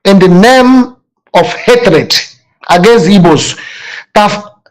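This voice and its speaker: A man's voice: high voice, animated, slow pace, low-quality recording. A man with a Nigerian accent, from southeastern Nigeria, giving a fiery, aggressive political talk as a panelist, full of rhetorical questions.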